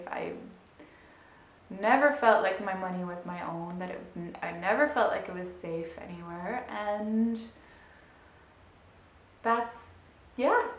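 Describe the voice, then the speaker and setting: A woman in her thirties, working as a money mindset coach, shares her own story with plenty of laughter and animation. Her voice soars high and loud whenever the tale turns exciting, echoing around the room.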